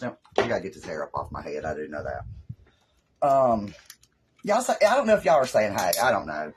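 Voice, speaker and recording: A woman's voice: extremely low pitch, very animated, moderate pace, pauses often, slight background noise, low-quality recording. A woman with a Southern US accent, hosting a casual craft live stream and chatting in a rambling way with her viewers from her home craft room.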